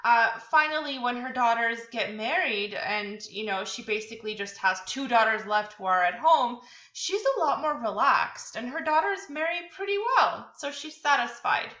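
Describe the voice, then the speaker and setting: A woman's voice: on the high side, animated, normal speed, bright, forceful tone. A woman teaching a literature lesson over slides in a casual, chatty way, full of fillers and restarts. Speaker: literature tutor. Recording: echoey room, dull lo-fi sound.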